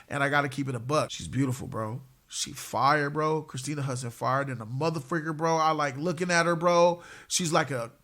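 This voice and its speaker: Male fan-channel host, slightly high-pitched, casual hyped commentary, heavy on "bro" slang. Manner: slangy, excitable, says "bro" constantly. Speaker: host of a superhero movie news channel.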